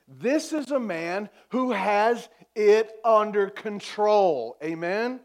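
A man preaching a sermon as pastor. He repeats lines for emphasis, calls out to the congregation and drops to a soft, quiet voice when quoting. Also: high voice, animated, slow pace, few pauses. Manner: preaching with call-and-response, repeating phrases for emphasis.

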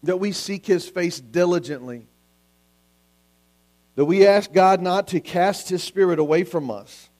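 A man with a notably high voice delivers a Sunday sermon. He speaks with earnest urgency, stacking question upon question and now and then stumbling and restarting a word. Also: a little slow, pauses often, darkish tone. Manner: earnest preaching with repeated questions, sometimes restarting words. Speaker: pastor.

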